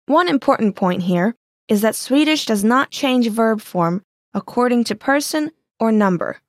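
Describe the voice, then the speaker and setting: A woman teaching in a scripted language lesson, explaining clearly and patiently. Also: on the high side, lively intonation, unhurried, dry recording, clean studio sound.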